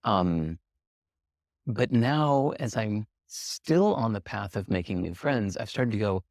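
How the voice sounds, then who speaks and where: A man being interviewed, telling a story in casual talk and acting out the dialogue with lively swings in pitch, laughing now and then. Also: takes it slowly, dry recording, clean studio sound. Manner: animated, acts out quoted dialogue with lively jumps in pitch. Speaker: interview guest.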